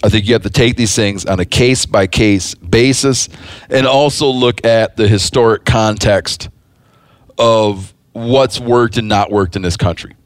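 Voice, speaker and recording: A man's voice: lowish voice, a little slow, no room sound. A man hosting a casual podcast, talking in a rambling way with many restarts and dry jokes. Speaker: podcast host.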